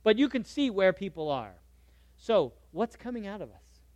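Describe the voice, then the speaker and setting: A man preaching a sermon in a conversational way, moving between soft asides and lively emphasis. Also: sits high, moderate pace, no room sound, highs cut off. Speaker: pastor.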